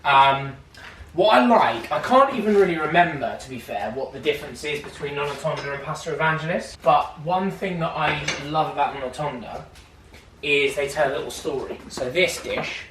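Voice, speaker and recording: A man chatting casually in a home kitchen, relaxed, explaining a dish as he cooks. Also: fairly high pitch, normal speed, distant mic, background noise. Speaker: partner. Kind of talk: casual chat. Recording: roomy and off-mic, chatter behind.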